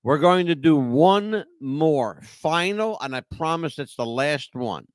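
Lively, animated male podcast host. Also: on the high side, slow, no echo, studio quality. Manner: animated, rambling, emphatic storyteller. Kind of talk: casual chat.

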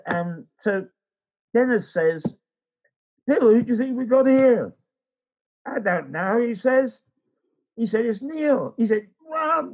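A man's voice: high voice, lo-fi sound. Older man telling a rambling story. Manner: rambling, animated storytelling with quoted voices. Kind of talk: casual anecdote.

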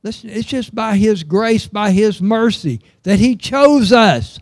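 Male preacher, middle-aged, higher voice, unhurried, emphatic sermon delivery, dry close sound. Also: expressive, darkish tone, no echo. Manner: earnest, emphatic, reads scripture aloud.

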